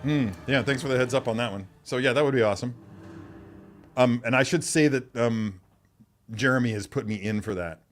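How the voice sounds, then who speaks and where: A man's voice: medium pitch, brisk, faint music behind. A middle-aged man hosting a live stream, chatting casually, rambling and answering viewers' comments.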